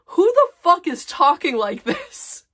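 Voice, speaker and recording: A woman's voice: high-pitched, very animated, measured pace, fairly bright tone. A woman in her twenties reading her old fanfic aloud, with sarcastic, self-mocking commentary. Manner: sarcastic, exasperated, laughing at herself. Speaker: vlogger.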